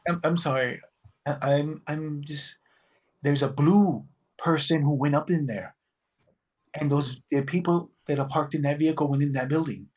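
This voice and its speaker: A man's voice: on the high side, moderate pace, a little mellow, dull audio. A man playing a tabletop game, talking in a hesitant, stammering way. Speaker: player. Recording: distant, husky mic.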